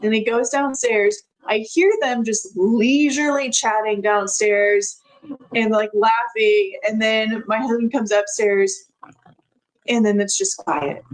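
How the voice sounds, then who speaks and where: A woman's voice: fairly high pitch, fairly even intonation, takes it slowly, poor audio. A woman telling a personal story as a podcast guest, in a chatty way with frequent laughs and many filler words.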